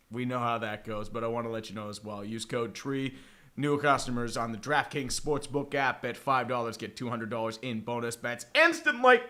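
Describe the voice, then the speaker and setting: A man's voice: medium pitch, moderate pace, bright, forceful tone. A young man casually chatting and joking through a live sports watch-along, profane and rambling with dramatic swings. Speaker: livestream host.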